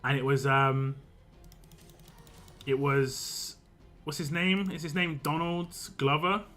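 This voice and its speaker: A man's voice: a little high, fairly even intonation, takes it slowly, bright, forceful tone, soft background music. A man, a game streamer, chatting casually and rambling on a live stream, laughing often.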